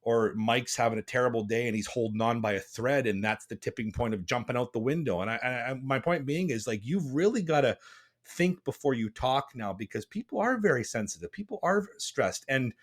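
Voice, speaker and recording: A man's voice: mid-range voice, expressive, brisk. A man hosting a podcast, talking bluntly and passionately, rambling with restarts. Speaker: podcast host. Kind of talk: casual podcast chat.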